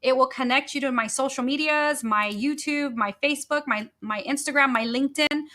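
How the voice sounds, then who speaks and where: Female podcast host, solo motivational talk; bright, forceful voice, fairly high, emphatic and repetitive. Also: brisk. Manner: energetic, emphatic, repeats key phrases.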